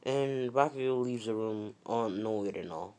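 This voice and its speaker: A man's voice: on the low side, unhurried, mellow, clear, resonant tone. A young man casually narrating an improvised fan story, rambling with many restarts and self-corrections.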